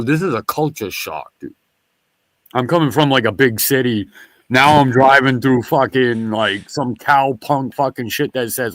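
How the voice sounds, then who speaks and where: In a casual chat, a man tells a wandering, animated story, swearing freely and frequently stopping to backtrack and restart. His voice is medium-pitched, and the recording is dry and close to the mic.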